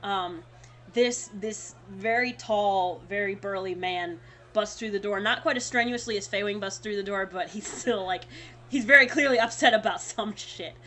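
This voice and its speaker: A woman's voice: mid-range voice, moderate pace, sharp tone. A woman narrating as game master of a tabletop game, casual and laughing as she goes.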